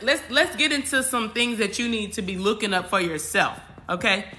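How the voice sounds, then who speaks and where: A woman with a sharp-toned voice on the high side hosts a casual astrology livestream as a spiritual coach. She speaks directly to viewers, emphatic and repetitive, peppering her talk with slang and swearing.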